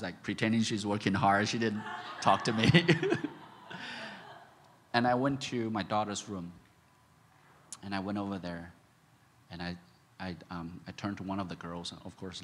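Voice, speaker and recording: A man preaching a sermon as a pastor, telling a personal story with laughter, swinging from loud shouts to hushed, quiet moments. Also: lowish voice, big-room sound, a little hiss or hum. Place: large church hall.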